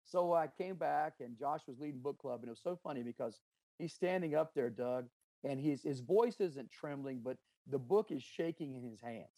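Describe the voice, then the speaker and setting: A man's voice: mid-range voice, animated, moderate pace, mellow, no echo. A middle-aged man, a business owner, telling leadership stories in an interview, earnest and emphatic. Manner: earnest, emphatic, anecdotal with quoted dialogue. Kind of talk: interview, storytelling about leadership.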